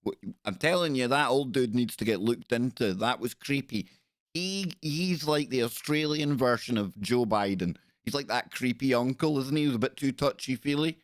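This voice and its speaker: A male talk-show host reacts to news footage in a sarcastic, indignant tone, doubling back on his words as he goes. His voice sits at an ordinary middle pitch. The sound is close and dry, with no room echo. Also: animated, moderate pace. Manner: indignant, sarcastic, repeats himself. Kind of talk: live-show commentary on video clips.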